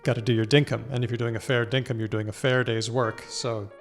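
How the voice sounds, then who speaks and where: An Australian man, a podcast host, chatting in a lively, teacherly way with quick asides. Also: medium pitch, faint music behind. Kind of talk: casual conversation.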